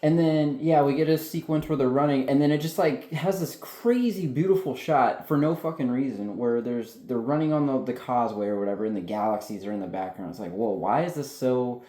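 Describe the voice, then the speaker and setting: A man talks through a film in casual, excitable chat and swears freely. His voice has a mellow, darker tone. The room adds a noticeable echo. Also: medium pitch, fairly quick, few pauses. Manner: excitable, heavy swearing, animated. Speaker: film reviewer, co-host. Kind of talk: casual spoiler review chat. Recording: roomy echo.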